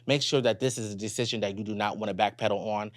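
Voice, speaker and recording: A man's voice: lowish voice, steady tone, fast, no room sound. A man hosting a podcast in a sassy, blunt and playful casual chat. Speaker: podcast host.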